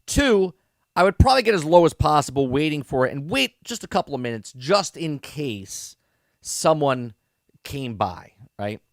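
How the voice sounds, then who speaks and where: Podcast host, male, lively rambling review, keeps asking "okay? right?", dry close sound. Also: fairly high pitch, normal speed, gravelly, no room sound. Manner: sarcastic asides. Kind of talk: casual review commentary.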